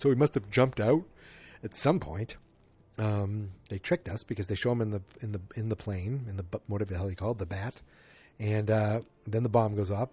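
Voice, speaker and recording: Low-voiced man, casual rambling podcast host. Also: dark tone. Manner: rambling, loose, full of fillers and restarts. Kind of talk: casual movie review podcast.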